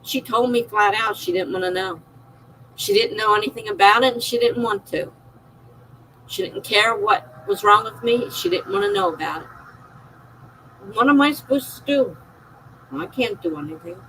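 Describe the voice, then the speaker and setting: A woman's voice: mid-range voice, moderate pace, bright, forceful tone, a little hiss or hum, low-quality recording. A middle-aged woman streaming a personal, emotional monologue, confiding and circling back on herself as she talks. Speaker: live streamer.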